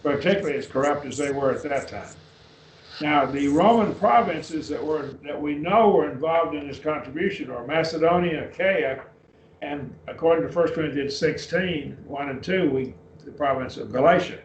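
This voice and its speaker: A man's voice: fairly high pitch, moderate pace, slight background noise. A man teaching a Bible class, explaining step by step and often checking with "okay?". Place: church classroom. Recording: echoey, distant, dull classroom recording.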